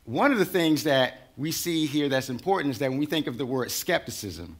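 A man's voice: medium pitch, animated, fairly quick. A man preaching a sermon in a conversational, teaching style. His voice sits in a middle range and now and then builds with force as he drives a point home. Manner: conversational preaching, rising in intensity. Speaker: pastor.

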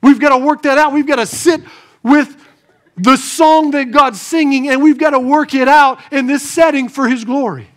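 High-voiced man preaching with energy. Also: normal speed. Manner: animated preaching, swings between soft asides and raised emphasis; rhetorical questions to the congregation. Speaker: pastor. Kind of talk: sermon.

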